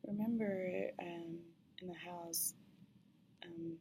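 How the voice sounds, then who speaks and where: A woman telling a personal story in a halting way, often dropping to a breathy half-whisper. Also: fairly low pitch, fairly even intonation, mellow, a little hiss or hum.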